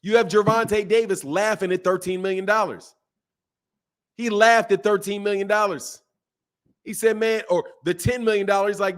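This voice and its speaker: A man with a fairly high voice rants in casual commentary, repeating himself and firing off rhetorical questions. He sounds animated and talks straight at his viewers. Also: moderate pace. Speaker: boxing commentator.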